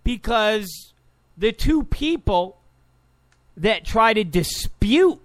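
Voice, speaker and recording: A man's voice: high-pitched, very animated, drawn-out words, no echo. A man delivering a combative, sarcastic political monologue, repeating points for emphasis. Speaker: political commentator. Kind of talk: opinionated monologue.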